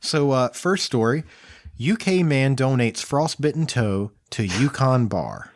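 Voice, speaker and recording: A man's voice: mid-range voice, sing-song, a little slow, dry recording. A man in his thirties co-hosting a casual home podcast with his wife, teasing and joking. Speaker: podcast co-host. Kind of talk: casual chat.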